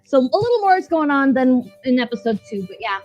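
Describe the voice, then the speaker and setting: A woman's voice: sits high, big pitch swings, fairly quick, a little mellow. A woman co-hosting a podcast, chatting casually about a show in a rambling, profane way, laughing as she retells scenes. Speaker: podcast co-host. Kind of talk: casual chat reviewing a show. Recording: dull lo-fi sound with faint music.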